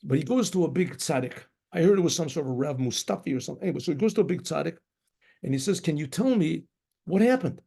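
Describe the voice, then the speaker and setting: A man's voice: a little high, racing, gravelly, mellow, husky. A man, a rabbi, telling a story in a rambling, conversational way and acting out the sounds in it. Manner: rambling, conversational, acts out shofar blasts. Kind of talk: spoken storytelling.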